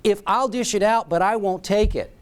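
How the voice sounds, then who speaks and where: A man's voice: high-pitched, moderate pace, smooth. Man telling a story in a keynote speech. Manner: dramatic storyteller, short emphatic phrases. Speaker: keynote speaker.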